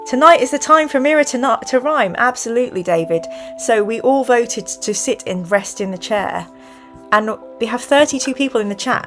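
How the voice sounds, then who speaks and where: A woman's voice: high-pitched, animated, moderate pace, fairly bright tone, faint music behind. A woman hosting a live stream from home, chatting in rambling asides and reading an adventure book aloud. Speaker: host. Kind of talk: live-streamed gamebook play and chat.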